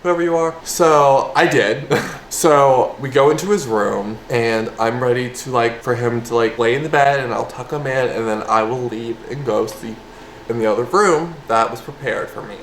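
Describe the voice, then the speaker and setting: A man's voice: mid-range voice, normal speed, slight background noise. Chatty young man telling a story. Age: young adult. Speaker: vlogger. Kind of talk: storytime vlog. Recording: echoey room, faint ambience.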